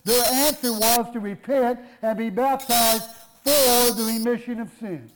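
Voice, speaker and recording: A man's voice: very high-pitched, measured pace, heavy background noise. A man preaching a sermon, pressing his point with rhetorical questions and emphatic repetition.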